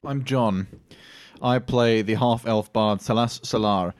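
Low-voiced, dry-joking man at a game table. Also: fairly even intonation, slow pace, dry recording. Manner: amused, dry jokes. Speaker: player. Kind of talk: casual tabletop game chat.

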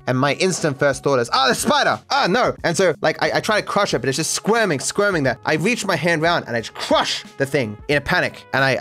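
A man hosting a solo podcast, rambling casually with lots of swearing and restarts. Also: on the high side. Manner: animated, swearing, frequent restarts. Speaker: podcast host.

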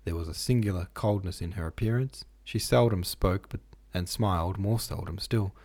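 A man reading a classic novel aloud as a podcast audiobook narrator, in a measured, steady way. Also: sits low.

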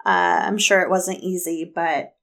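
A woman co-hosting a podcast in casual chat, chatty and supportive with quick interjections. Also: on the low side, fairly bright tone. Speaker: podcast co-host.

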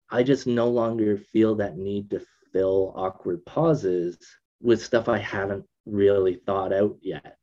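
A man in casual conversation, thinking aloud with restarts, usually subdued but getting emphatic when excited. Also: on the low side, lo-fi sound.

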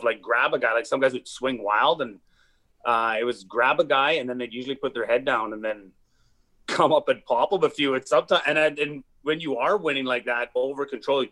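A man in casual podcast chat, telling long rambling stories with lots of swearing and fillers. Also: mid-range voice. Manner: rambling, profane, animated storytelling.

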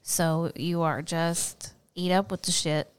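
A playful woman co-hosting a casual podcast, teasing her partner. Her voice sits a little low for a woman. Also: steady tone, slow pace, clean tone. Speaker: podcast co-host. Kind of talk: casual chat.

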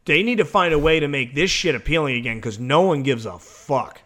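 Brash, profane man with a higher voice. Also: expressive, fairly bright tone. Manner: brash, profane, rapid-fire. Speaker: podcast co-host. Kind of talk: casual wrestling podcast chat.

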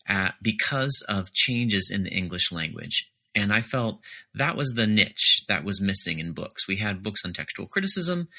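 A man's voice: fairly low pitch, sharp tone. A man, an author and editor, giving earnest and articulate answers in a podcast interview, explaining his points in careful detail.

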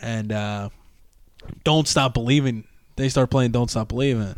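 A young man hosting a podcast, telling a story in a casual, animated way with lots of swearing and laughter. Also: mid-range voice, unhurried, dry recording. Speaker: podcast host.

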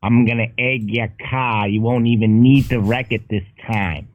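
Brief: gruff threatening male caller, tinny phone-line sound, dry. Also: mid-range voice, steady tone, moderate pace, no echo.

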